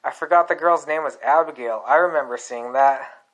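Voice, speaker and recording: A man's voice: fairly high pitch, moderate pace, a bit bright, lightly acted, low-quality recording. A man reading the lines of a friendly young aspiring actress without changing his voice.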